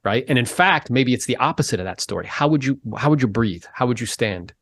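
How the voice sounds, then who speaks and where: A man hosting a podcast, talking in a casual interview style, animated and emphatic as he pushes his pitch up to stress points. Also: brisk, dry recording. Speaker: podcast host.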